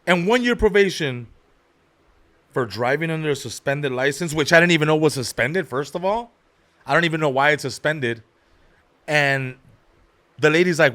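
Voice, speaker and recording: A man's voice: animated, normal speed, long pauses, a bit bright. A man hosting a comedy podcast, telling a story with street slang and acting out every person in it with big swings in volume. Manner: acts out every character with big jumps in pitch and volume; street slang, calls people "dog" and "bro".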